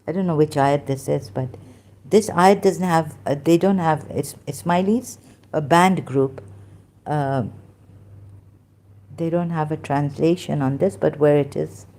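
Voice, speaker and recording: A woman hosting her own channel, reading passages aloud in halting, self-correcting casual commentary. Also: sits low, mellow. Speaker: solo channel host.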